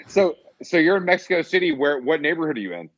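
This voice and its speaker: A man's voice: on the high side, very animated, fast talker, fairly bright tone, highs cut off. A man co-hosting a podcast in casual chat, laughing often and stammering as he restarts. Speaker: podcast co-host.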